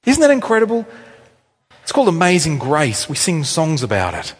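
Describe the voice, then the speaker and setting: A male pastor preaching a sermon in a church, telling stories in a chatty, animated way with offhand asides. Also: on the high side, moderate pace, slightly rough. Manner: animated storytelling, conversational asides. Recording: echoey hall reverb.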